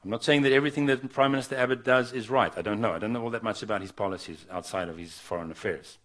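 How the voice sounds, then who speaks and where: A visiting preacher addresses an evening gathering in a fairly low male voice. He talks earnestly and urgently, repeating words and restarting sentences as he presses his appeal. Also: rapid-fire, a bit bright. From not from Australia. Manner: earnest, urging, with frequent restarts.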